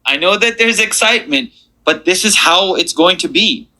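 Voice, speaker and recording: A man leads a beginners' class, with a very bright, ringing tone and a pitch a little higher than most men's. He encourages his students and sounds out each letter again and again for them to repeat. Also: expressive, moderate pace, rough recording. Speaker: Arabic teacher. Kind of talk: classroom lesson.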